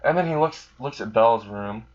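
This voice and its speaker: A man's voice: medium pitch, animated, moderate pace. A man narrating an improvised fan story in a rambling, casual way, with fillers and swearing. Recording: dull lo-fi recording.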